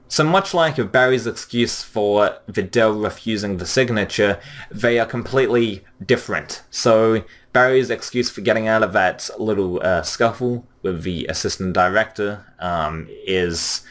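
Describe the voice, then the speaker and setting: A man's voice: on the low side, moderate pace, a bit bright. A man hosting his own anime review channel, talking through it in casual solo commentary, rambling with lots of fillers and casual swearing.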